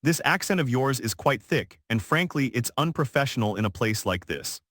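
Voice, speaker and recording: A man's voice: medium pitch, animated, moderate pace, a bit bright, dry recording. Brief: narrator as an arrogant businessman, sneering and pushy, plain male voice, dry close mic. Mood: condescending. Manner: condescending and assertive. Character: arrogant condescending businessman, impatient and rude.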